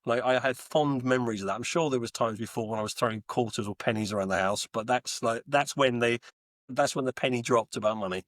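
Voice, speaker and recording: A man's voice: mid-range voice, quick pace, no room sound. A man in his forties who grew up in Texas, chatting as a podcast guest and telling stories with lots of fillers and restarts. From Texas, USA. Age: 40s. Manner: chatty, animated storyteller with many fillers and restarts. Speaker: guest, home Bitcoin miner. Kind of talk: casual interview chat.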